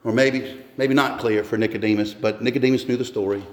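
A man's voice: mid-range voice, fairly even intonation, a little fast. A man giving a sermon as pastor, earnest and conversational, often restarting his sentences. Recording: echoey hall with long reverb.

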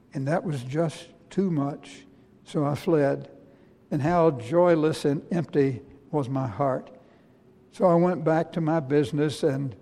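A man preaching as the apostle Peter, a humbled middle-aged fisherman telling his own story in the first person, earnest and halting. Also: on the high side, warm tone. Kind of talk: dramatic first-person sermon monologue. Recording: long reverb of a large hall.

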